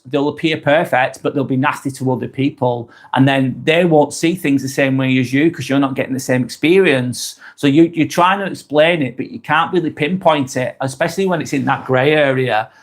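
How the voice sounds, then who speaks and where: Chatty man with a higher voice. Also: moderate pace. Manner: rambling, repeats words and restarts sentences; uses mate in chatty address. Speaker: self-help video host. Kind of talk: casual advice monologue.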